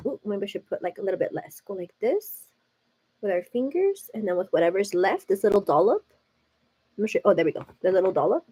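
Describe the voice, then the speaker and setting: A woman's voice: medium pitch, mellow, slightly rough. A woman hosting a live makeup stream, chatting casually and confidingly to her viewers, calling them "girl" as she works. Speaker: livestream beauty host. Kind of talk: casual makeup tutorial chat.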